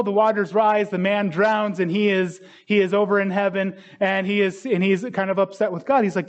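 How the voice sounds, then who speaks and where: Male pastor, fairly high voice, relaxed conversational sermon, dull lo-fi recording. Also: normal speed, hardly any pauses. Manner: conversational preaching, acting out voices in stories. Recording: dull lo-fi sound.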